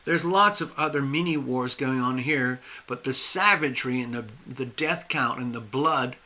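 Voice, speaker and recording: A man hosting a live astrology stream, speaking emphatically with drawn-out stresses and restarts while losing his voice. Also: mid-range voice, sharp tone. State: losing his voice, clearing his throat. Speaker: astrology and tarot livestream host.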